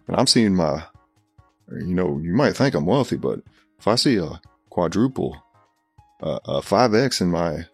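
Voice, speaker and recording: A man doing a comedic impression of a raspy, boastful older male pro wrestler who rambles through a tall tale full of restarts. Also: low voice, sing-song, unhurried, pauses often, a little mellow, dry recording, soft background music, full character voice. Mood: rambling. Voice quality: raspy, gravelly.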